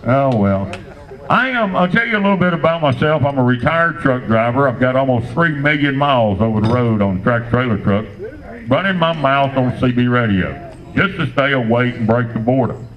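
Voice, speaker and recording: An older man doing a standup comedy set, telling crude, rambling stories in a deadpan way. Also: mid-range voice, moderate pace, muffled recording.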